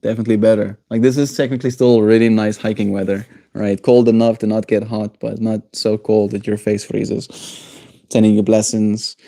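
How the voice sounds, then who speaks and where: A man hosting a daily livestream, chatting in a relaxed, rambling way and chuckling to himself. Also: on the low side, moderate pace, creaky, no room sound, studio quality. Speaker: livestream host. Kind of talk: casual chat.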